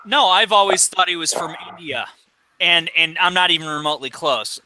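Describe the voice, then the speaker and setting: A man's voice: a little high, normal speed, sharp tone, no echo, poor audio. A man speaking as a guest in casual chat, matter-of-fact.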